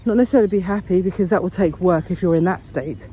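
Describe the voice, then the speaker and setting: Woman, walk-and-talk vlog, earnest, encouraging, mellow tone, phone mic outdoors, faint birds behind. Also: lowish voice, quick pace, a little hiss or hum. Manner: earnest, encouraging, rambling with restarts. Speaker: vlogger. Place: outdoors on a walk along a path.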